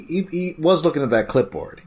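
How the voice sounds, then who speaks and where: A man's voice: fairly high pitch, animated, brisk, a little mellow, husky. A man co-hosting a casual podcast, recapping an episode with rambling, playful asides. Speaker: podcast co-host.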